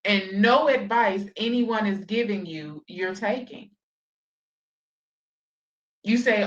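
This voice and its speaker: A woman's voice: medium pitch, slow, long pauses, a bit bright, muffled recording. A woman giving blunt, profane, scolding reaction commentary on a livestream.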